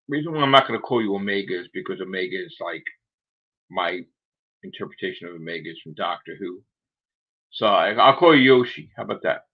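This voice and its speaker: A man hosting a casual livestream chat, rambling through grumbling asides while losing his voice. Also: fairly low pitch. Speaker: livestream host. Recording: dull lo-fi sound.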